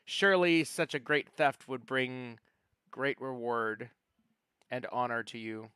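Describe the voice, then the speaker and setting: Game master, male, smooth, dry close sound, chatty lore-teller with ums. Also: medium pitch, takes it slowly, sharp tone, no echo. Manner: storytelling with many fillers and restarts. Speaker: dungeon master. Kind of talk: narrating a tabletop game.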